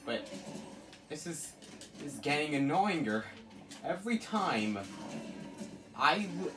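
An exasperated player commenting live on a fighting game, swinging widely in pitch while exclaiming and pleading at the opponent. The delivery is unhurried and drawn out, with faint game music playing underneath. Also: sing-song. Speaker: let's play gamer.

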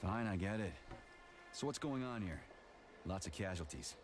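A wry, laconic agent hero. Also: male voice, low-pitched, lively intonation, normal speed. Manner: laconic, dry, wisecracking. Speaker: special agent protagonist.

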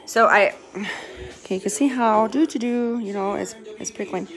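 A woman's voice: a little high, moderate pace. A tired woman vlogging from her bedroom, rambling in a chatty, profane way and laughing often. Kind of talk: rambling casual monologue. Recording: music loud in the background. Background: music playing.

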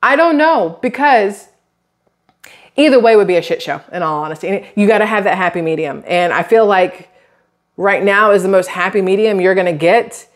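This is a chatty woman in her thirties with a drawl, talking straight to her viewers in a casual vlog. She rambles through her stories and slips into little quoted voices along the way. Her pitch sits right in the middle for a woman. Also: normal speed. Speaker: YouTube creator.

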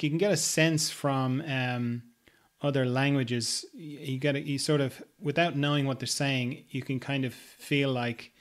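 A man hosting an interview podcast, talking in a loose, hesitant way with gentle humor. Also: medium pitch. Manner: rambling with many ums and hesitations, gently humorous. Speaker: podcast host. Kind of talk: casual interview chat.

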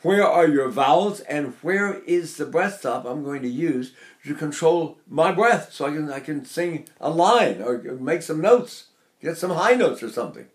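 A man's voice: fairly high pitch, lively intonation, a little slow. An older man teaching singing, talking in a rambling, anecdotal way and breaking off to demonstrate sounds. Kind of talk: spoken singing lesson.

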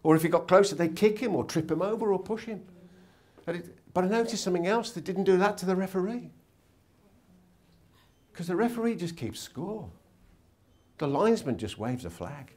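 Brief: male seminar speaker, lively pitch, storytelling, tag questions, hotel conference room. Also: normal speed, pauses often. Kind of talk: motivational talk with anecdotes.

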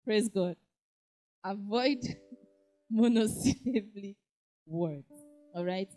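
A woman preaching in a lively way, acting out little dialogues and often saying "praise God". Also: medium pitch, slow pace, soft background music. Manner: animated, acts out dialogue, frequent "praise God". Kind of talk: lively sermon teaching.

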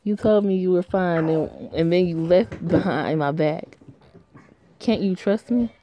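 A woman's voice: fairly low pitch, measured pace, noisy background, lightly acted. A woman reading aloud the lines of a caring young man in an earnest, plain way. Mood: upset. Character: caring young man, upset but tender. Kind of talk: reading a story game aloud.

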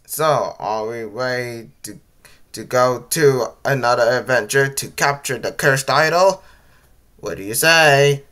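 A man voicing a cheerful grown man who drives the bus in a homemade story, talking slowly. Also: medium pitch, pushed and bright. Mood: cheery.

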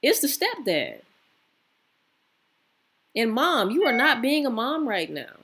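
A woman's voice: fairly high pitch, very animated, slow pace, fairly bright tone, slightly rough. A woman hosting a reaction video, giving blunt, sympathetic commentary. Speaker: reaction channel host.

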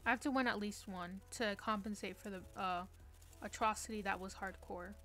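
A woman's voice: medium pitch, steady tone, moderate pace, pushed and bright, soft background music. A young woman streaming a game from her room, chatting casually with playful, self-mocking trash talk. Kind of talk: casual live-stream chat while gaming.

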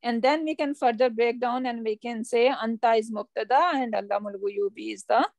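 In an online class, a high-voiced woman patiently walks her students through a grammar lesson, asking them questions along the way. She speaks at normal speed with some vocal fry and a darkish tone. The recording is dry and close-miked, with no echo or room sound.

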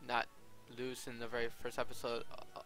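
A man giving casual, excitable gameplay commentary, exclaiming often. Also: medium pitch, brisk, soft background music. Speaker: Let's Play gamer.

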